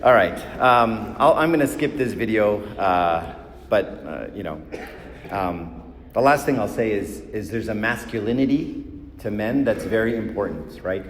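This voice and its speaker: Man with a low voice, echoey hall. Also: animated, unhurried. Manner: conversational, keeps asking "right?"; gets heated and emphatic. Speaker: speaker teaching couples. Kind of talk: live talk to an audience. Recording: echoey hall with faint ambience.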